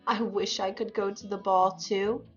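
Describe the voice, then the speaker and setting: Woman doing a gentle storybook girl, soft and hopeful, lo-fi. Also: medium pitch, flat delivery, measured pace, lightly acted. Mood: wistful. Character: sweet, humble young woman, Cinderella. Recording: dull lo-fi sound with faint music.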